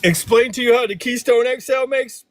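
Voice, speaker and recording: A man with a high voice calls into a live stream and rambles on, talking over the host. The sound is dry and close. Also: steady tone, normal speed, no room sound. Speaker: caller.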